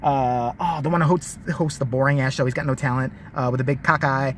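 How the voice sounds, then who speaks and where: A man's voice: mid-range voice, steady tone, a little fast, slight background noise. A man ranting in a vlog commentary, profane and mocking. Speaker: vlogger.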